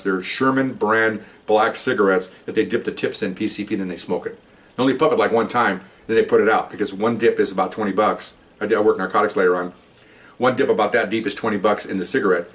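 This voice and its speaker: Fast-talking older ex-cop telling stories. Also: male voice, lowish voice. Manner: conversational, rambling, with many asides. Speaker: retired police officer. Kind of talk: storytelling monologue.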